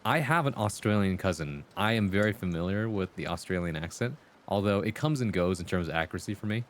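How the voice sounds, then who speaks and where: Low-voiced man chatting on a livestream. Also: lively intonation, fast talker, a little hiss or hum. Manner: conversational, acts out quoted voices in anecdotes. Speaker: livestream host. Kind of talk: casual chat with chat readers.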